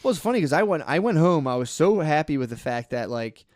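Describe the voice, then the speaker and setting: A man co-hosting a podcast in casual chat, animated and swearing, acting out his own thoughts as he tells stories. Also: a little high, fast talker, no room sound, studio quality. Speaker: podcast co-host.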